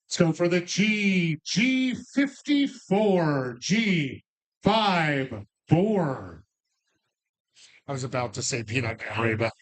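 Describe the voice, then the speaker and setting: Joking male bingo caller. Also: mid-range voice. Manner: calls numbers slowly, jokey asides. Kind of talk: live bingo calling with banter. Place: bar.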